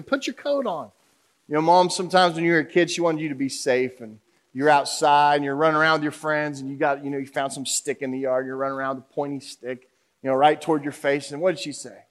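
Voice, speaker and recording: A male pastor preaching a sermon in a humorous, conversational way, often asking the congregation questions. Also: fairly high pitch.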